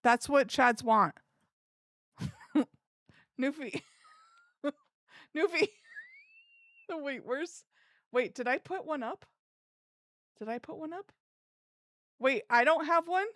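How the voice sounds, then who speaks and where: A woman's voice: high-pitched, expressive, takes it slowly, long pauses, fairly bright tone, dry recording. A young woman streaming live, chatting casually to her viewers and giggling as she works things out. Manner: giggly, chatty, talks to herself while working. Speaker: livestream streamer.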